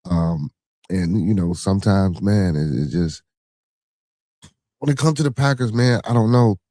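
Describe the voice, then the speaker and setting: Man, low dark voice, rambling casual podcast talk, blunt. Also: lively intonation, unhurried. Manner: rambling, frequent filler phrases, blunt and profane. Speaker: podcast host. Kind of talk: casual livestream talk answering chat.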